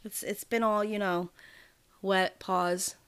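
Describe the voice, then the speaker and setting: A woman's voice: mid-range voice, fairly even intonation, takes it slowly, a loud crowd. A woman co-hosting a podcast over a video call, chatting casually in a rambling, profane way and laughing often. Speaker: podcast co-host. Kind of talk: casual chat. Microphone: remote video call mic.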